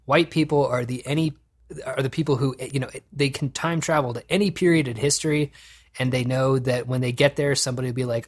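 Man, podcast host, husky voice, profane, animated casual chat. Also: mid-range voice, fairly quick. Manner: profane, animated, laughs often.

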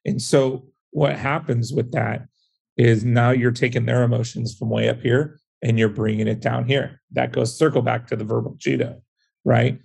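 A man's voice: mid-range voice, fairly even intonation, normal speed, creaky, a little mellow, husky. A man, a former police officer turned real estate investor, explaining in a casual podcast conversation with stories and frequent "right?" asides.

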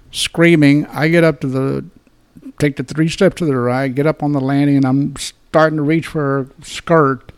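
A man's voice: a little high, darkish tone, clear, resonant tone. A man in his seventies from Texas, a retired police detective telling a story in an interview in a plain-spoken, blunt way and often restarting and repeating his words. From Dallas, Texas. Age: 70s.

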